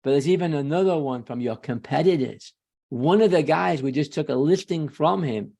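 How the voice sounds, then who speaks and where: A man who is a real estate sales trainer, talking as a webinar guest in a confident, emphatic way with quick self-corrections. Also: on the high side, gravelly, mellow, slightly rough.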